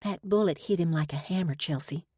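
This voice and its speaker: A woman's voice: on the low side, fairly quick, warm tone, husky, no room sound. Worried pushy young woman, coaxing, narrator's own voice mostly, dry audiobook. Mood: urgent. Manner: coaxing, urgent.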